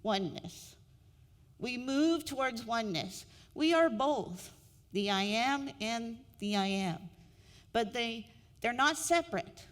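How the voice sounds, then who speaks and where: Middle-aged woman preaching, fairly high voice, slow reflective delivery, long hall reverb. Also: lively intonation. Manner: slow, reflective, repeats key phrases. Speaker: minister. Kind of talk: sermon.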